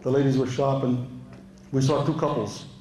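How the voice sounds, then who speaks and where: Chatty comedian in an echoey club. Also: male voice, mid-range voice, little pitch movement, normal speed, mellow. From Europe. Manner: chatty, laughs at own stories, quotes people in a raised voice. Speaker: stand-up comedian. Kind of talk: stand-up storytelling. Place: live club show.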